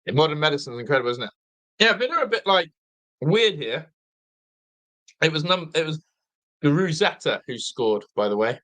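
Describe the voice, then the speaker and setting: Tired English man hosting a fan watch-along, bright, slightly higher voice, loose chatty delivery, reads out viewer comments. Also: very animated, a little fast, pauses often. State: tired, half asleep.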